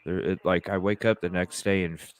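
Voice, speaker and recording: A man's voice: low-pitched, fairly even intonation, fairly quick, smooth. A man hosting a live call-in talk stream, chatting casually with viewers, rambling, swearing freely and laughing often.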